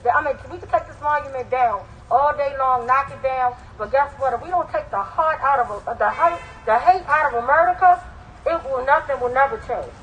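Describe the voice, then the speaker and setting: A high-voiced woman speaks out at an outdoor protest rally, fiery and blunt. She drives her points with rising emphasis. Light background noise hangs under the speech. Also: a little fast, a bit bright, rough recording. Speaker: rally organizer and emcee.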